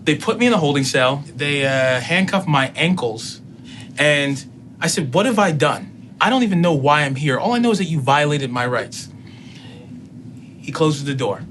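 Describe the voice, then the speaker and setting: A man in his thirties, a councilman and student, telling a personal story in an interview in a measured way, quoting what was said. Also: a little high, animated, fairly bright tone, a little hiss or hum. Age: 30s. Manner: measured, recounting events with quoted dialogue.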